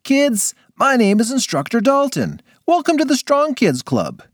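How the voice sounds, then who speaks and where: A man's voice: very high-pitched, wildly swooping pitch, a little slow, dry recording, studio quality, pitched above the performer's own voice, exaggerated voice. A man voicing a proud, boastful strength instructor with a hearty delivery.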